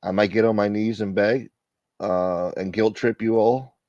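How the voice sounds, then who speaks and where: A man hosting a livestream as a mock preacher, loud, joking and animated, chatting casually to his viewers. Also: lowish voice, measured pace, no echo, lo-fi sound. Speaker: livestream host.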